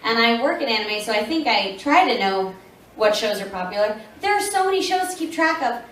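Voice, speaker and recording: Fairly high and brisk, this thirty-something woman's voice carries a little hiss or hum. A voice actress at a convention panel, she answers fan questions with lively, casual storytelling, voicing the lines she quotes and laughing frequently. An audience camera in the seats picked her up from a distance in the big, echoey panel room.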